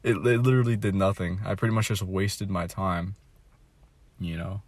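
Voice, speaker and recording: Bummed out young guy ranting to camera, low voice, dry close sound, lots of swearing and mumbled trailing off. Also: fairly even intonation, moderate pace, no room sound. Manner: mumbling, trailing off, heavy swearing, mocks others in a high voice. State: dejected. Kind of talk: candid venting monologue.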